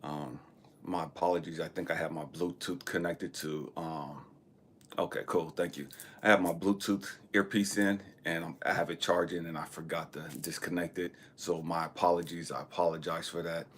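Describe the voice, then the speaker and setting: A man's voice: low-pitched, fairly even intonation, normal speed, a bit bright, slight background noise. A nervous man hosting a casual motivational live stream on his phone, repeating himself and often saying "man" and "you know what I mean".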